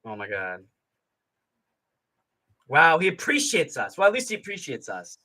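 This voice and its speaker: A young man hosting a live fight reaction stream with a bright, fairly high voice. He rants in a sarcastic, profane way, and his pitch swings widely from line to line. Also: huge pitch swings, moderate pace. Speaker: streamer host.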